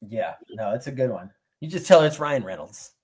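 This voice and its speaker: A man's voice: mid-range voice, sing-song, brisk, darkish tone, husky. A man telling loose, profane stories in casual chat, acting out what others said. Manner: loose storytelling, acts out quotes, swears freely.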